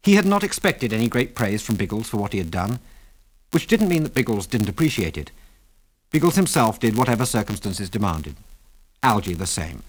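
A man narrating an adventure story in a measured, dramatic reading. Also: fairly low pitch, big pitch swings.

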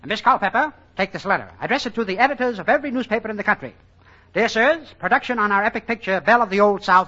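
Bombastic man in old radio comedy. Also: pushed and bright. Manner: bombastic, booming exclamations. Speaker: comedian playing a movie producer. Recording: muffled vintage radio broadcast with hiss.

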